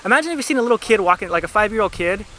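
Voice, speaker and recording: Rapid-fire and expressive, this man's voice sits high and has a sharp edge, with a faint hiss or hum present. Out on the beach, he vlogs a travel story straight to camera, chatty and rambling, with plenty of "like."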